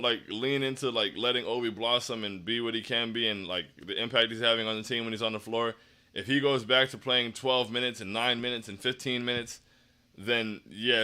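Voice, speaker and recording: A stream host, down after a loss, reads chat comments on a postgame livestream and sounds dejected. His lowish voice comes across pushed and bright, and he often restarts his sentences.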